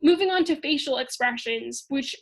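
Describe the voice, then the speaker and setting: Upbeat high-voiced woman teaching. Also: normal speed, low-quality recording. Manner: upbeat, clear and expressive, with lively emphasis. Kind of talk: virtual lesson for kids.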